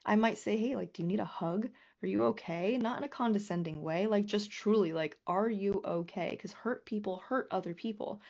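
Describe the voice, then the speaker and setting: A woman business coach teaching a live online class, earnest and lively, often swearing and acting out quoted messages. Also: mid-range voice, brisk, few pauses, highs cut off.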